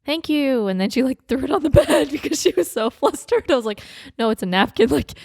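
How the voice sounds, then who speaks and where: A woman's voice: high voice, big pitch swings, fast, vocal fry, darkish tone, breathy edge, no room sound, studio quality. A young woman co-hosting a podcast, chatting casually with lots of fillers, swearing and laughter. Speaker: podcast co-host. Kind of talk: casual chat.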